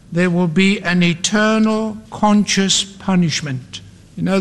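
A man's voice: high voice, fairly bright tone. A male preacher delivering an evangelistic sermon with dramatic, emphatic repetition. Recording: long hall reverb.

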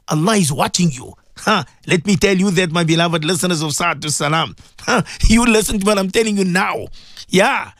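A high-voiced man delivers an impassioned, preachy talk into a studio microphone. He circles back over the same phrases and speaks straight to his listeners. The sound is dry and close. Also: moderate pace, a bit bright, dry recording. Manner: impassioned, repetitive, addresses listeners directly. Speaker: radio presenter.

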